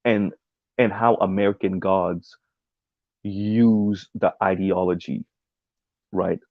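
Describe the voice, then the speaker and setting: Low, gravelly male streamer: loose, rambling talk, reads chat aloud, full of "um" and "right?", on a dull lo-fi mic. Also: steady tone, slow pace, dry recording. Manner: rambling, many "um"s and "right?" tags. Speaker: streamer reacting to a video essay. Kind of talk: casual livestream commentary, reading chat.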